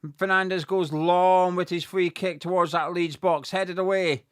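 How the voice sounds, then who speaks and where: A man doing live fan commentary on a match, sweary and excitable, talking straight to his viewers. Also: high-pitched, unhurried, clean tone, dry recording, studio quality. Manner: sweary and excitable, shouting at goals.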